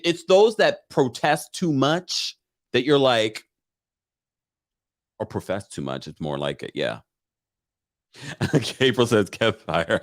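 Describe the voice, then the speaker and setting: A man hosting a casual livestream recap, chatting animatedly and reading viewer comments aloud into a webcam mic. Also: mid-range voice. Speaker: live-stream recap host.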